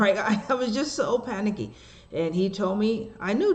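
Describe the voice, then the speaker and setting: A woman minister preaching a sermon. She shifts between slow, measured scripture reading and animated storytelling full of rhetorical asides. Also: medium pitch, highs cut off.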